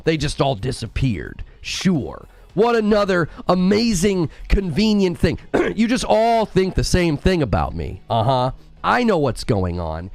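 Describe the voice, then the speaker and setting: A man's voice: a little high, wildly swooping pitch, unhurried, gravelly, no echo. A male gaming streamer in a comedic, theatrical rant to his live chat, indignant and mock-paranoid.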